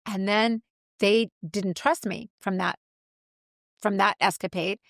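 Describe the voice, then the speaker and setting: A middle-aged woman co-hosting a podcast, chatting casually and telling an animated story with acted-out quotes. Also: medium pitch, slow pace, creaky, no room sound, clean studio sound. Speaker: podcast co-host. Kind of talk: casual chat.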